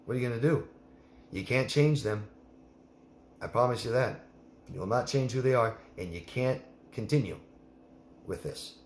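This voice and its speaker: A man's voice: medium pitch, moderate pace, long pauses, reverberant, a little hiss or hum. A man coaching a listener in a live Q&A, blunt and emphatic, repeating her name as he gives advice. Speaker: life coach.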